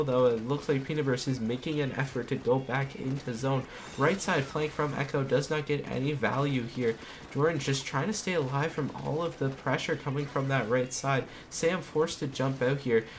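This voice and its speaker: A man casting an esports match alone from home, calling plays and then talking more quietly so as not to wake others. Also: medium pitch, slight background noise. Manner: rapid excited calls, then quieter. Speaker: esports caster. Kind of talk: solo play-by-play commentary.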